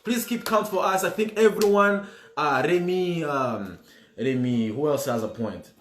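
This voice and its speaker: A man's voice: a little high, measured pace. A man hosting a livestream trivia game, playful and switching languages while greeting viewers by name. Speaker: quiz host. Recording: roomy with music behind.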